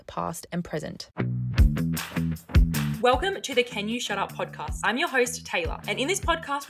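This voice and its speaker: A woman's voice: mid-range voice, fairly bright tone. A young woman talks into a close microphone on her solo podcast. She rambles cheerfully, drops casual swears and keeps catching and mocking her own slips. The delivery is loose, upbeat chat. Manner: bubbly, rambling, swears casually, laughs at herself. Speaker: podcast host. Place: home room, recording on camera.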